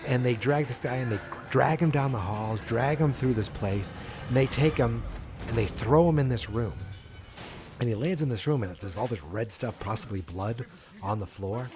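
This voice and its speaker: A man hosting a podcast, recapping an episode in a casual, animated storytelling way. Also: medium pitch, normal speed, over music. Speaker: podcast host.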